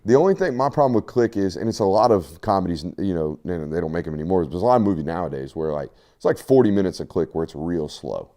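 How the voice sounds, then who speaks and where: A man's voice: low voice, expressive, fast, hardly any pauses, warm tone. A man hosting a casual sports show, joking and teasing his co-hosts.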